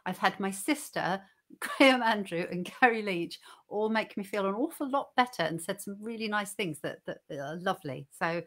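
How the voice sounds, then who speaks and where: A woman's voice: medium pitch, lively intonation, normal speed, fairly bright tone. A woman co-hosting a casual online show, chatting and laughing easily, with a self-deprecating manner, heard over a video call. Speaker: co-host reading a dialect poem.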